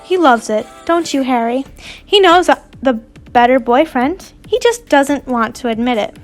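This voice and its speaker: A woman's voice: high-pitched, animated, a little slow, soft background music. A woman voicing a cocky, pushy teenage boy wizard in a read-aloud story, teasing and smug.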